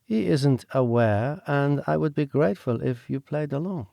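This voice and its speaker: A man's voice: fairly high pitch, animated, moderate pace, creaky, warm tone, dry recording, studio quality. A man voicing a clever, prim fifteen-year-old French girl with a French accent, speaking in a poised, precise way. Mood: composed. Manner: poised, precise, lightly teasing.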